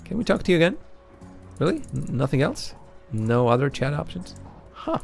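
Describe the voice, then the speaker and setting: A man's voice: fairly high pitch, big pitch swings, normal speed, gravelly, darkish tone, soft background music. A man streaming a game live, chatting and thinking aloud as he plays. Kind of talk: live game playthrough commentary.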